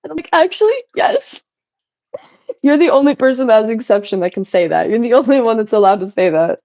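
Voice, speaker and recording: A young woman chats casually on a livestream, telling animated stories with a high, lively voice that swoops up and down. The sound is dull and lo-fi, picked up on a phone, with faint dripping water behind her. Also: fast talker, no echo. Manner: animated storytelling with frequent "like" and high-pitched quoted voices. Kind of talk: casual live-stream chat.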